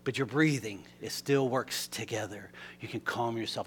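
A male pastor preaching a sermon in a church, telling a story animatedly, swinging from loud to hushed. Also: mid-range voice, normal speed, hardly any pauses, a little hiss or hum. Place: church sanctuary.

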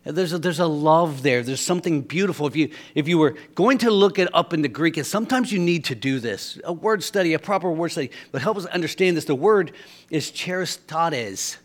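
A man's voice: a little high, animated, brisk. A man preaching a sermon as a storyteller, often repeating words as he restarts a thought.

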